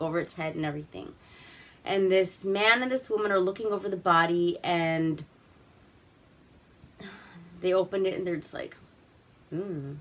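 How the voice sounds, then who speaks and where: A woman's voice: on the low side, fairly bright tone. A woman from Alaska hosting a casual movie review, rambling through the plot with crude, swearing humor.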